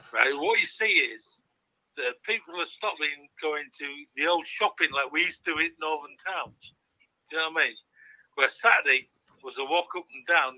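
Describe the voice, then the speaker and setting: A man's voice: fairly high pitch, bright, forceful tone, poor audio. A man calling in on his phone, rambling and swearing in casual chat, often asking if he is understood. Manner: rambling, swearing, keeps asking "do you know what I mean". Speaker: caller.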